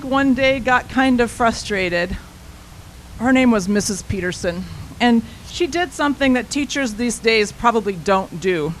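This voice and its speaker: A woman's voice: on the high side, a little hiss or hum, poor audio. Woman telling a story from the pulpit. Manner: warm, animated storytelling with an easy, conversational tone. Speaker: intern minister. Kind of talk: personal storytelling sermon.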